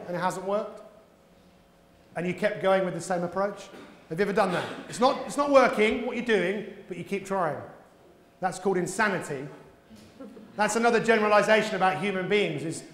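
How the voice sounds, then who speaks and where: Man giving a lively keynote talk. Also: high voice. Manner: lively storyteller, acts out voices. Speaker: keynote speaker. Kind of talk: motivational conference talk. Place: conference hall. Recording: echoey hall with long reverb.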